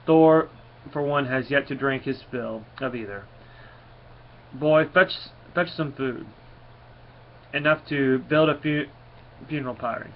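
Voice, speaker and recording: A man's voice: mid-range voice, slow, long pauses, slight background noise. A man reading as a hearty boastful thunder god, dull lo-fi sound. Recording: dull lo-fi recording.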